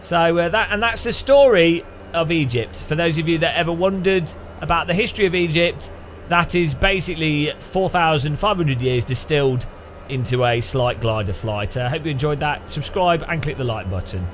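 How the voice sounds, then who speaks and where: A man's voice: fairly high pitch, moderate pace, fairly bright tone, slight background noise. A man giving rambling, jokey gameplay commentary, thinking aloud. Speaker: gaming channel host.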